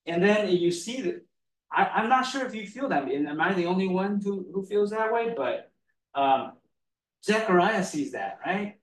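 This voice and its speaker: A male preacher delivers a relaxed, chatty sermon slowly, laughing often and repeatedly asking "right?" His slightly high voice is picked up by a distant mic in a roomy, echoing hall.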